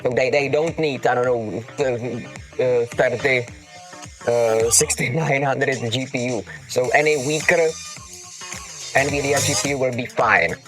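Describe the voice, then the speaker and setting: A man with a non-native English accent and a medium-pitched, slightly bright voice hosts a casual livestream Q&A at a measured pace. He answers chat questions emphatically and teasingly, calls viewers darling, and keeps repeating "okay? got it?". Faint background music plays beneath his voice.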